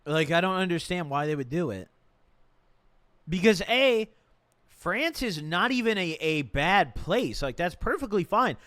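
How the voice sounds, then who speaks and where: A man on a live stream, musing in loose slangy chat and circling back over his own points. His voice sits a little high and swings up and down freely. The sound is dry and close, with no room echo. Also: sing-song, measured pace, fairly bright tone. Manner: rambling, repeats himself, slangy; reads a legal document aloud and reacts. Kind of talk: casual stream commentary.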